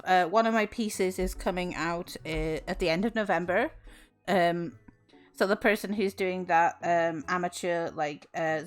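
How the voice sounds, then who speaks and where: A woman, chatting casually on stream in a teasing, giggly way and telling folk tales. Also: on the low side. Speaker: streamer and voice actress. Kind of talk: casual chat and folklore storytelling.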